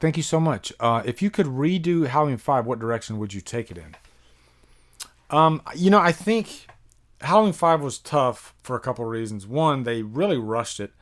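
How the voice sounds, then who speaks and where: An American man in his thirties hosts a live-stream Q&A, thinking aloud with plenty of ums and asides. His voice sits at an ordinary middle pitch and he talks into a desktop microphone. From United States. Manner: rambling and chatty, many fillers, reads out viewer questions. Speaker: YouTube horror movie reviewer, live stream host. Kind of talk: casual live-stream Q&A chat.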